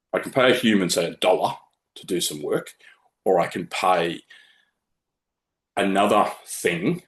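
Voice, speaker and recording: A man presenting a webinar from slides in a blunt, opinionated, conversational way. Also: low voice.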